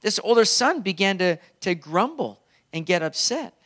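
A male pastor delivers a sermon in an earnest, conversational tone. His speaking voice sits slightly higher than average for a man. He talks plainly and directly, as if to a congregation. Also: big pitch swings, normal speed, a bit bright.

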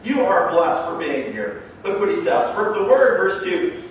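A man's voice: sits high, wildly swooping pitch, unhurried, a little hiss or hum. A man preaching a sermon in a church, emphatic and conversational. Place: church sanctuary. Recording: echoey room heard from a distance.

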